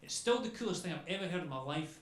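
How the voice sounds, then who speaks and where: A young man doing stand-up comedy, telling stories in a chatty, animated way and swearing freely. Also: fairly high pitch, fast talker, a little hiss or hum. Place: comedy club stage before a crowd. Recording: echoey club with crowd laughter.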